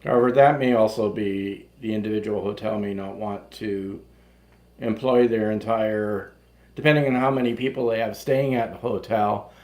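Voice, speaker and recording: A man co-hosting a casual livestream chat, calmly offering counterpoints and reading viewer comments. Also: on the low side, normal speed, low-quality recording. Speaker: co-host.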